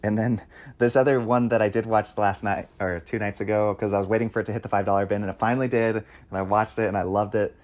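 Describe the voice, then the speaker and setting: A man's voice: lowish voice, fairly even intonation, quick pace, a little mellow. A young man co-hosting a casual movie chat, rambling along with hesitant restarts. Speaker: podcast co-host.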